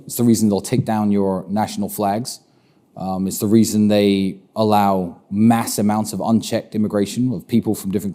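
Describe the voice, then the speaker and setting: A man with a British accent speaks in a very dark, mellow voice that sits on the low side. He answers interview questions assertively and states firm opinions. He often repeats a phrase to press a point. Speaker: interview guest.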